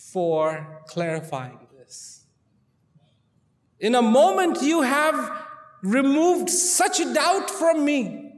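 A man's voice: very high voice, voice pushed up, heavily acted. A man voicing a proud, furious king who demands answers and later pours out thanks. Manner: indignant shouting, then tearful gratitude. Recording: long hall reverb.

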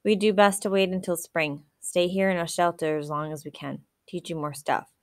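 A woman's voice: lowish voice, fairly even intonation, moderate pace, dry recording, studio quality, close to an everyday voice. A woman voicing a determined young boy raised in the woods, blunt and matter-of-fact.

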